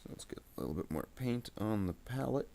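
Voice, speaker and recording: A man's voice: on the low side, animated, a little fast, creaky, mellow, a little hiss or hum. A man who paints miniatures on a stream, rambling and joking to himself as he works. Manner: rambling, jokey, talks to himself. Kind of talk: casual chat while painting.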